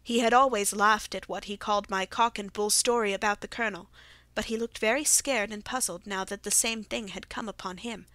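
A woman reading a classic story aloud as an audiobook, in a steady, measured first-person telling. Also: medium pitch, no echo. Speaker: audiobook narrator.

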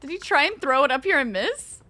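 A woman streams a shooter game with excitable, cursing commentary. Her voice sits high and swings widely, with a bright edge. Faint noise sits under the recording. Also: a little fast. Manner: excitable, cursing, laughing often. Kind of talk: live gameplay commentary.

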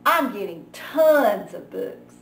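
A woman voicing an excitable young boy frog, loud, bouncy and eager. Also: mid-range voice, slow pace, vocal fry, a little hiss or hum, full character voice. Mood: excited. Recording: echoey room, mic far off.

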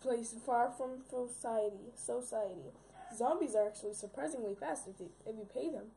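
A woman voicing a pompous male chicken king villain in a game, delivering slow, gloating taunts. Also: on the high side, creaky, dark tone, slight background noise, poor audio.

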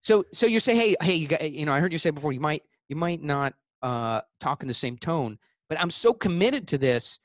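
A man being interviewed as a guest author, talking in a blunt, emphatic way and acting out both sides of sales pitches. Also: animated, brisk, no room sound, studio quality.

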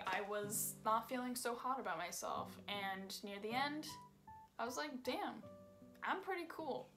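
A young woman narrating her vlog in a candid, self-deprecating way about making a single. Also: medium pitch. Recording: music playing underneath.

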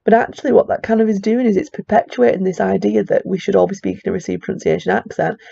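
A woman's voice: medium pitch, fast talker, vocal fry, mellow, husky, dull audio. A teacher, a woman with a broad Chorley accent, explains a research study in a chatty lecture with plenty of fillers. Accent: Chorley, Lancashire. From England.

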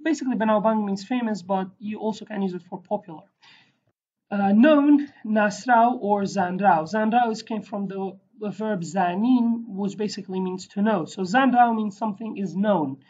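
A woman's voice: medium pitch, moderate pace, a little mellow, breathy edge, muffled recording. A woman teaching a casual online language lesson, chatty and digressive, with many fillers and self-corrections.

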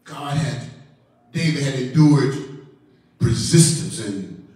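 A male pastor preaching a sermon in a church, animated, repeating words and calling on church members by name. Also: medium pitch, takes it slowly. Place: church sanctuary. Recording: echoey hall from far off, organ faint.

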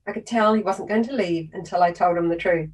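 A woman's voice: on the low side, fairly quick, recorded from a distance, low-quality recording. A woman in her fifties with a New Zealand accent, a children's author giving a lecture and telling anecdotes from school visits. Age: 50s. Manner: storytelling, lively with anecdotes. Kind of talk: prepared lecture read aloud.

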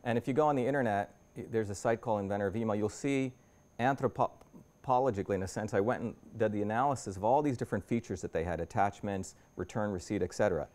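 With a fairly low, slightly mellow voice and a fast delivery, a man in his fifties gives an invited university lecture. He takes listeners through his slides in a conversational style, frequently rephrasing and starting over.

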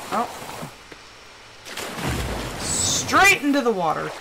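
A young woman chatting casually while playing a game on a live stream, telling animated stories and putting on quick quoted voices. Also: a little high, background noise.

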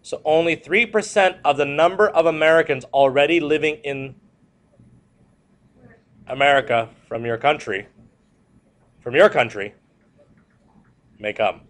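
A man's voice: on the high side, unhurried, pauses often. A man teaching a history lecture to a class, repeating key points and joking with students. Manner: repetitive, animated, joking asides to students.

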